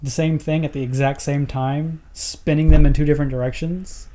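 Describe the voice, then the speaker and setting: A man's voice: fairly high pitch, level tone, moderate pace, mellow, a little hiss or hum. A man co-hosting a podcast, casually questioning a movie's plot holes and laughing easily. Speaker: podcast co-host.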